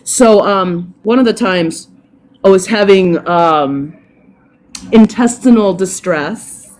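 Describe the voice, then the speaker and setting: Middle-aged woman guest, animated, salty storyteller. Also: mid-range voice, takes it slowly. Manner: animated, profane, laughs often. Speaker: podcast guest, dog groomer. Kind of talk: casual storytelling.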